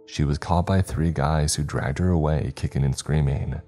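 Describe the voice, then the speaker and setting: A man narrating a horror story in a measured, dramatic way. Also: extremely low pitch, steady tone, dark tone. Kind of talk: scripted narration. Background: faint background music.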